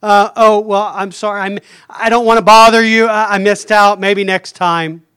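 Man doing a timid blind beggar, stammering, apologetic, soft, high, bright. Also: steady tone, normal speed, clear, resonant tone, no room sound, clean studio sound.

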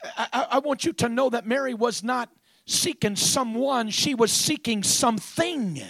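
A man preaching a sermon dramatically, swinging from hushed tones to shouts and peppering his lines with amens. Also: extremely high pitch, normal speed, gravelly, dry recording.

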